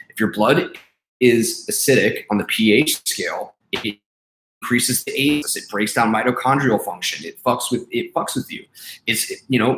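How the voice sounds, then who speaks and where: A man's voice: medium pitch, fairly bright tone. A young man ranting casually to camera, blunt and profane, full of fillers and exasperation. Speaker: vlogger and life coach. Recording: echoey room.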